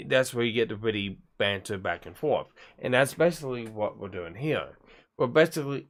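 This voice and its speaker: A man talking casually on a live stream, his pitch sitting squarely in the middle. He rambles and trips over his words, restarting sentences often, and swears now and then. His delivery is loose and unscripted. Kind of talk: casual livestream chat.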